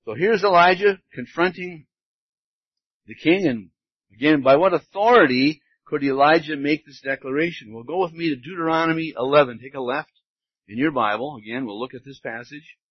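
A man's voice: on the high side, moderate pace, dry recording, dull audio. A man preaching a sermon as pastor, earnest and conversational, reading scripture aloud.

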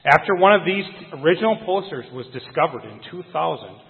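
A man preaching a sermon earnestly, putting emphasis on key phrases and slowing down on them. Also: fairly high pitch, sing-song, gravelly. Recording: phone-like sound with long hall reverb.

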